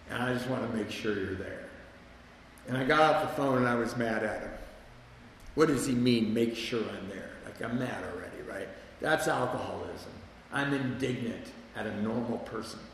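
Gravelly-voiced man telling his story. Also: medium pitch, fairly bright tone, a little hiss or hum. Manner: candid, self-mocking, with wry laughs. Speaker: speaker sharing a recovery story. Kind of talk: personal storytelling talk. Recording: echoey hall with long reverb.

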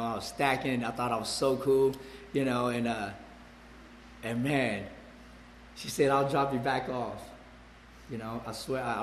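A man's voice: medium pitch, a bit bright, a little hiss or hum. A man in his forties telling his own life story in a rambling way, with many restarts and fillers. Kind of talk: personal testimony. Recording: echoey hall with long reverb, faint ambience.

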